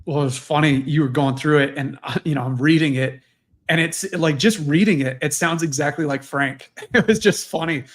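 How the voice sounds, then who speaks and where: A man with a slightly raised pitch chats casually as co-host on a live show. His remarks are relaxed and amused. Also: moderate pace. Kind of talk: casual chat.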